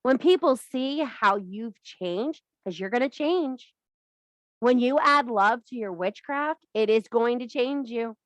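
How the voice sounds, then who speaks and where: A woman's voice: on the high side, lively intonation, slow, dry recording. A plain-spoken woman teaches her followers about witchcraft in a loose, chatty pep talk. She swears freely and drives her points home by repeating them. Her voice sits close to the mic in a dry, dead space. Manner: blunt and profane, emphatic repetition. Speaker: witchcraft teacher and live streamer. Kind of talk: casual spiritual pep talk.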